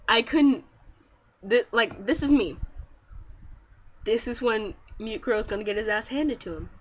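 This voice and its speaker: A fairly high-voiced woman rants to her camera about a comic she loves. She keeps breaking into squeaky acted-out quotes and excited yelps, then drops back into a relaxed, chatty tone. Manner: animated, acts out quotes with big pitch jumps and squeals. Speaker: manga fan vlogger. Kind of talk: excited casual fan rant.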